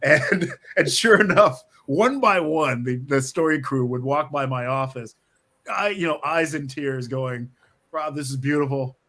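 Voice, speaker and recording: A man's voice: fairly high pitch, measured pace. A middle-aged man, a screenwriter, telling stories in an interview over a video call from his office, restarting sentences and laughing often. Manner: animated storyteller, frequent restarts, laughs often. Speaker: screenwriter, guest. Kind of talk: conversational interview.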